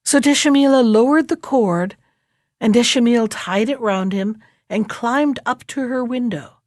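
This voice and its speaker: A woman reads an old fairy tale aloud at a slow, deliberate pace. Her voice sits a little high and sounds close and dry, with no room around it. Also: darkish tone, no echo. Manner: slow, measured reading with voiced characters. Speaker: storyteller. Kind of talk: storybook read-aloud.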